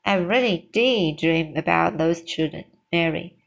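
A woman's voice: lowish voice, unhurried, vocal fry. Woman doing a dignified, well-spoken lady. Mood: concerned. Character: dignified older woman, composed and concerned.

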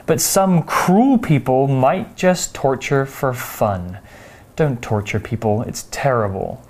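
A man teaching English vocabulary, explaining words slowly and carefully with example sentences. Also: mid-range voice, animated, a little mellow. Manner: slow, careful, clear explanations.

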